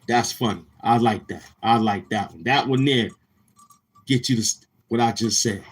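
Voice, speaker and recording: Man, husky voice, live stream host, casual roasting banter, teasing, laughs often. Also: mid-range voice, normal speed.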